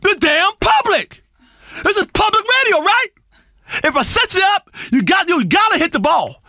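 Grandiose, volatile radio guru; lively high voice, erratic swings. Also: male voice, moderate pace, no echo, clean studio sound, exaggerated voice. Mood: lecturing. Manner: volatile, rambling, swings from crooning to shouting. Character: erratic self-important male radio health guru. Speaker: radio health show host. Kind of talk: comedic radio talk show performance.

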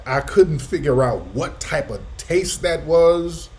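Animated man telling a story. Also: slow, slight background noise. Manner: animated storytelling, rising pitch for emphasis; profane, street slang. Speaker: host. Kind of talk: casual livestream chat.

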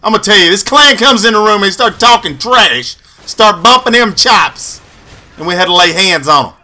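A man giving loud, profane gameplay commentary full of boisterous trash talk and yells. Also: high-pitched, expressive, normal speed. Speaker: gamer and video host.

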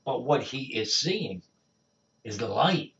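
A man speaking as an evangelist, telling stories of his faith in an animated, conversational way and often checking in with "all right?". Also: medium pitch, takes it slowly. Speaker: evangelist guest. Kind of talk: conversational testimony. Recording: dull distant lo-fi sound.

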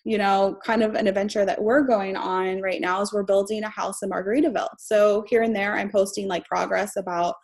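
A woman's voice: mid-range voice, steady tone, fairly quick, few pauses, a little mellow. A young woman mentoring on a live stream, chatty and heartfelt, laughing between phrases. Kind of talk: casual live-stream teaching.

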